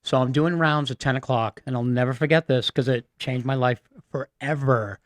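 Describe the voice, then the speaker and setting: Radio guest, man, from Massachusetts, earnest and halting storyteller, dry studio sound. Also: medium pitch, dry recording. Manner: earnest, halting, many fillers. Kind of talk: personal storytelling.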